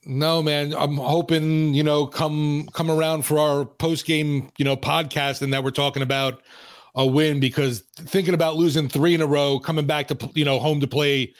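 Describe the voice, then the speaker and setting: A man's voice: on the high side, flat delivery, moderate pace. A man co-hosting a sports podcast, easygoing and laughing along. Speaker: podcast co-host and sports director. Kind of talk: casual sports podcast chat.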